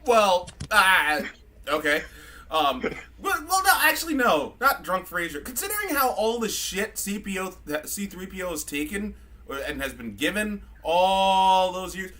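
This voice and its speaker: A man's voice: high voice, very animated, measured pace, sharp tone. A man hosting a casual comedy podcast, rambling with stumbling restarts. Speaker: podcast host.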